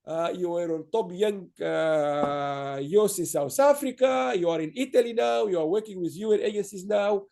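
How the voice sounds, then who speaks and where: A man's voice: high-pitched, normal speed, gravelly, hardly any pauses, dark tone. A man hosting an online awards ceremony, speaking in long, rambling stretches of praise with frequent restarts. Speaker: awards host.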